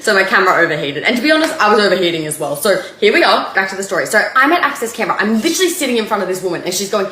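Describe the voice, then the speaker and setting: A woman with an Australian accent telling a personal story in a lively way, acting out both sides of each conversation. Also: mid-range voice, racing, hardly any pauses. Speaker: storyteller in a clip. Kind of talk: casual storytelling. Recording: echoey room with faint noise.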